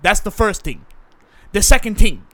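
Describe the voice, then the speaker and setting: A man's voice: sits high, sing-song, moderate pace, bright, forceful tone, exaggerated voice. A man on a comedy podcast playing a defensive young male actor who blusters, repeats himself and talks over others. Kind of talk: comedy podcast role-play.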